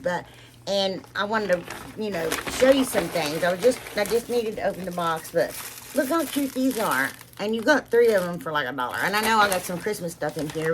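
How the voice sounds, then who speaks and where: Chatty woman with a lower voice. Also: a bit bright. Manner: chatty and rambling, addresses viewers directly. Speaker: craft vlogger. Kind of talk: casual tutorial and unboxing chat.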